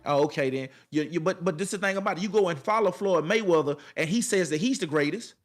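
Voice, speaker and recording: Male motivational speaker, high register, emphatic and repetitive, casual street talk with a preacher's rhythm. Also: quick pace. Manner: colloquial, addresses viewers directly. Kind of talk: motivational monologue to camera.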